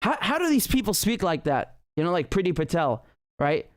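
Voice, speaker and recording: A man hosts a livestream political commentary show, talking in a fairly high voice. He rants heatedly and swears often, restarting his sentences as he goes. The sound is dry and close, with little room echo. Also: very animated, normal speed. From Britain. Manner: heated, profane ranting with frequent restarts.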